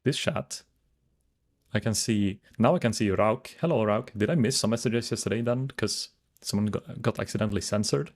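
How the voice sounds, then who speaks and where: A man's voice: lowish voice, normal speed. A man chatting casually to his viewers while streaming a game, rambling as he browses and reads chat.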